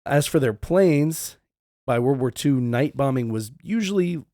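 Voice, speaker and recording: A man co-hosting a podcast, telling a history story in a casual, profane, animated way. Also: medium pitch, a little slow, no room sound, studio quality. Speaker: podcast co-host.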